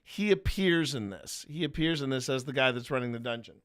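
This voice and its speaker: A man's voice: mid-range voice, lively intonation, a little fast. A man hosting a paranormal footage review, chatting casually and rambling with many restarts. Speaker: paranormal investigator host.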